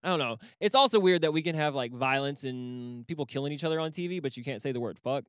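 A man's voice: medium pitch, fast talker, clear, resonant tone, no room sound, clean studio sound. A man co-hosting a casual podcast chat, rambling, swearing freely and laughing often. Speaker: podcast co-host.

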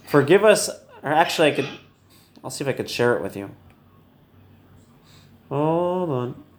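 A man's voice: medium pitch, animated, normal speed. Chatty storytelling man in an echoey room. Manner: storytelling, chatty, laughs easily. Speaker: Torah teacher. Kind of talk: casual online Torah lesson.

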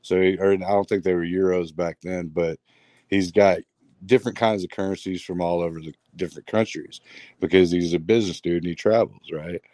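A man's voice: sits low, brisk, no echo. A man telling a strange story in a rambling, casual way, full of fillers and restarts. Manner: rambling, filler-heavy, animated retelling. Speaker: guest storyteller.

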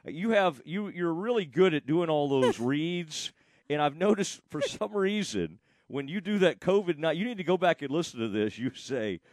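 A man's voice: on the high side, sing-song, normal speed, few pauses, darkish tone, no echo. A man hosting a radio show, chatting casually and teasing his co-host with lots of questions.

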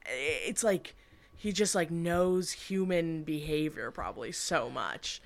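A woman's voice: fairly low pitch, a little slow, gravelly. A young woman co-hosting a podcast, reacting in a loose, informal chat and laughing often. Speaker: podcast co-host listening. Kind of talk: casual chat.

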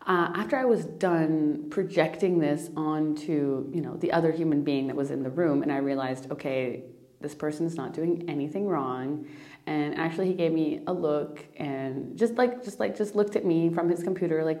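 A woman's voice: sits low, moderate pace, dark tone. A young woman hosting a podcast, talking through her feelings in a candid, emotional monologue with restarts and swearing. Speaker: podcast host.

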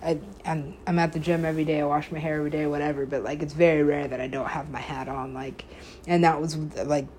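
A woman with a slightly low voice talks through a story on her own podcast. She rambles, leans hard on filler words, swears freely and laughs often as she goes. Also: fairly even intonation, quick pace, a little mellow, a little hiss or hum. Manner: laughs often while telling. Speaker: podcast host. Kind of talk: casual storytelling monologue.

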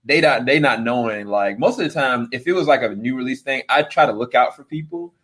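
A man's voice: medium pitch, brisk, fairly bright tone, husky. A man in his thirties, a guest in a casual chat, who talks in an easygoing way and laughs as he speaks. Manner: easygoing, laughs while talking.

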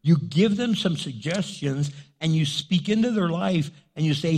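Middle-aged male pastor, slightly high husky voice, earnest conversational sermon delivery. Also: expressive, moderate pace, hardly any pauses, darkish tone. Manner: earnest, conversational preaching with acted-out quotes.

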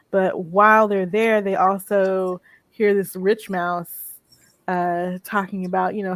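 A woman co-hosting a casual movie review chat, retelling the plot in an animated way and laughing often. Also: mid-range voice, no echo. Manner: animated storytelling with frequent laughter. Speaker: co-host of a movie review show.

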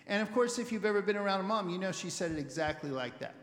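A male pastor preaches in a loose, animated storytelling way, often restarting and repeating words as he thinks aloud. His voice sits fairly high. The recording is roomy, with a long reverb tail from a church hall. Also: quick pace, few pauses. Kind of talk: conversational sermon.

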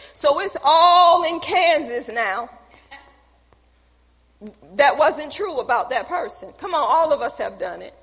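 A woman's voice: sits high, fairly bright tone, long reverb tail. A woman preacher giving a conversational, storytelling sermon and calling out to her congregation. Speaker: preacher, called apostle.

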